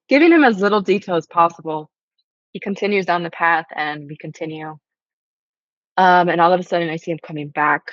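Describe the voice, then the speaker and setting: A woman with a fairly low voice tells a story in a casual group discussion, acting out the voices of the people she quotes and swearing now and then. The sound is dry and slightly muffled. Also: dry recording. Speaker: panel guest.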